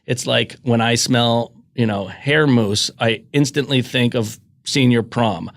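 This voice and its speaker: A man's voice: mid-range voice, measured pace, vocal fry. Enthusiastic man, guest on a podcast. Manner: enthusiastic, restarts often. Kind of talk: casual chat.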